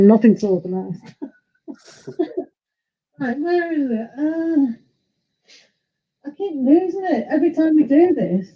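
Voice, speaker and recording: A woman chats casually to her live stream viewers, laughing often and poking fun at herself. Her voice sits a little high. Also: lively intonation, takes it slowly, long pauses, warm tone, rough recording. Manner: chatty, laughs often, self-mocking. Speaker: tarot reader and live stream host.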